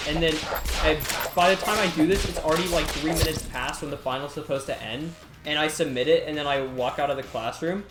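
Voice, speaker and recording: A teenage boy rants through a story in a casual vlog, animated and exasperated, his voice rising as the frustration builds. He keeps tossing in "right?" to pull the listener along. The room around him rings with a noticeable echo. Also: fairly high pitch, a little fast, over music. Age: teens. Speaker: gaming video creator. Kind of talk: casual storytelling rant over gameplay.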